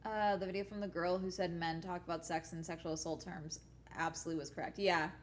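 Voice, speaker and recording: A young woman streaming and chatting casually, telling stories in a blunt, profane, animated way. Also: on the low side, fast talker, slight background noise.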